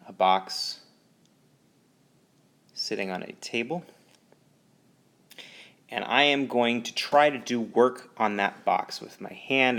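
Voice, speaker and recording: A man teaching physics in a whiteboard lecture, explaining with lively emphasis and sudden jumps in pitch. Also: slow, creaky, pauses often. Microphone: voice-over recording.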